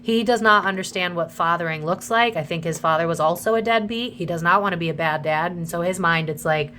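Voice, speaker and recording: A woman's voice: lowish voice, fairly quick, sharp tone, slight background noise. A woman doing a casual psychic tarot reading to her viewers, chatty and emotional, swearing freely.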